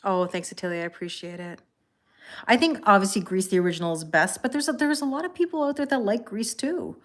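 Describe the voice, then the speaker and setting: Calm chatty woman greeting livestream viewers. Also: medium pitch, quick pace. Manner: chatty, reads viewer comments aloud and thanks them by name; calm and relaxed. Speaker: tarot reader hosting a livestream. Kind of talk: casual livestream chat.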